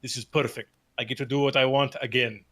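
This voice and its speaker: A touchy, blustering townsman played by a man trades sarcastic jabs across the table in a tabletop game. His voice sits at a mid pitch and stays close to an everyday speaking voice. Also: fairly even intonation, a little fast, fairly bright tone, natural voice.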